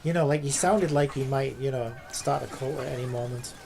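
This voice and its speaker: While streaming a game, a man chats casually and rambles, leaning heavily on "like" and "you know." His mid-range voice is brisk and creaky.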